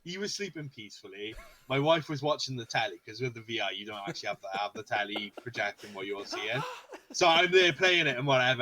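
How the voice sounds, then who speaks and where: Bright-voiced man telling lively stories. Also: medium pitch, quick pace. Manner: animated storyteller, swears, laughs often. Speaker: podcast co-host. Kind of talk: casual chat.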